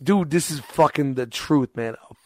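A man's voice: on the high side, moderate pace, dark tone, dry recording. A man casually telling a rambling, profane story and acting out quotes along the way.

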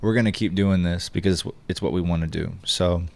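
A man's voice: low-pitched, fairly even intonation, fast, vocal fry. A young adult man co-hosting a podcast in casual chat, easygoing and slangy, often saying bro. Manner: slangy, agreeable, says bro. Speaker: podcast co-host.

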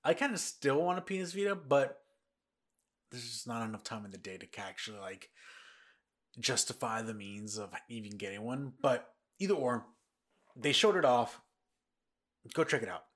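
A man's voice: medium pitch, lively intonation, moderate pace, long pauses, a bit bright. A man hosting a casual podcast, talking in a rambling way with lots of restarts and repeats, tired and yawning. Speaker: podcast host. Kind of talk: casual news chat.

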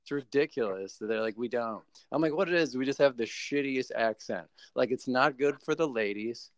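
A man's voice: medium pitch, normal speed, no room sound. Laughing American guy, dry close sound. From United States. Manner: animated, laughing, lots of fillers and restarts. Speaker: podcast guest. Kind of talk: casual chat.

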